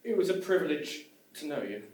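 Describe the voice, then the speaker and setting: A man's voice: on the high side, big pitch swings, fairly quick, a little mellow. A man playing a hesitant, apologetic old colleague. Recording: echoey room, distant mic.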